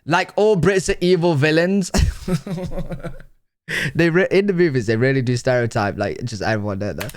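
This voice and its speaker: British guy streaming a reaction, smooth clean voice, chatty rambly, lots of yo and like. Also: mid-range voice, moderate pace. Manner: animated, chatty, full of fillers and asides. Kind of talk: casual reaction chat.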